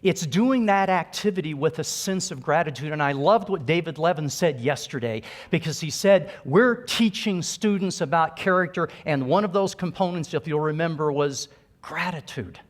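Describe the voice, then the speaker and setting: Conference keynote: middle-aged man, earnest and emphatic, slightly high voice. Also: expressive, normal speed. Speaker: conference speaker. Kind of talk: keynote talk to a live audience.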